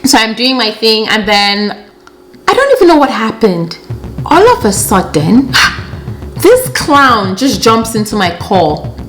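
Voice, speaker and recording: A young woman in a casual storytime monologue, recounting events in an animated, exasperated way with plenty of slang. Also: on the high side. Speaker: storytelling vlogger.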